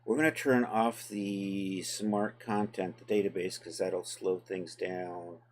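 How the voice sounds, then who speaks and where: Slowly and in a fairly low voice, a livestream host who tutors 3D software walks viewers through a task. Loose and unscripted, he chats easily with his audience and narrates each click, relaxed and thinking aloud in this casual live tutorial.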